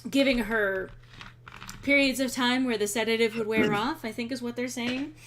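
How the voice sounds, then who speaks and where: A woman's voice: fairly high pitch, normal speed. A young woman streaming a game, chatting casually with sarcastic asides and frequent ums. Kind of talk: casual let's-play chat.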